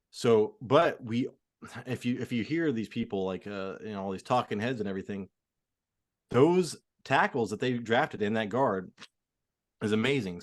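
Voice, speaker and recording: A man co-hosting a fantasy football podcast, talking casually and opinionatedly with lots of fillers. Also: mid-range voice. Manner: filler-heavy, quick, opinionated. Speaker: podcast co-host. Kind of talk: casual sports chat.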